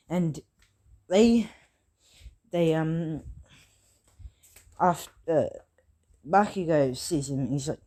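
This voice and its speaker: A woman's voice: low-pitched, slow pace, pauses often, dark tone. A woman improvising a fan story aloud, rambling with many fillers and self-corrections.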